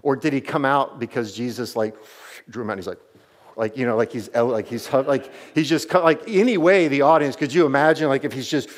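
A man's voice: medium pitch, brisk. A man preaching a sermon to his church as pastor, telling the story animatedly with many casual "like"s.

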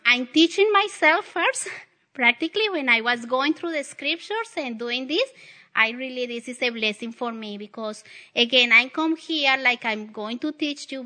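Bright-voiced Southern woman preaching. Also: fairly high pitch. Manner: warm, halting, self-deprecating, with fillers and restarts. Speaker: guest preacher. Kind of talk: church teaching. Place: church sanctuary. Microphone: pulpit mic she adjusts.

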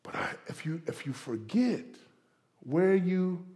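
A pastor from Florida delivering a sermon with a notably high voice. He talks to the congregation in a loose, conversational way, slipping into acted-out inner voices and playful asides. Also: lively intonation, takes it slowly, warm tone.

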